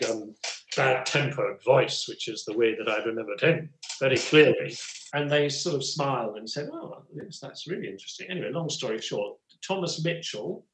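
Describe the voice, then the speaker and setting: Casting: older English actor, chatty raconteur, mid-pitched, recorded with room echo. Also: male voice, fairly bright tone, a little hiss or hum. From England. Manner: rambling, full of "you know" asides. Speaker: guest actor and writer. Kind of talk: relaxed storytelling conversation.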